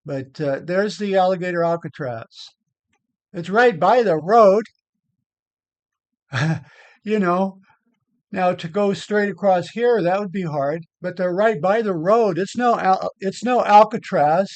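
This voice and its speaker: A man's voice: sits high, slow pace, no echo. An older man rambling casually over photos of an old hike, blunt, with many repeated words. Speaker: vlogger.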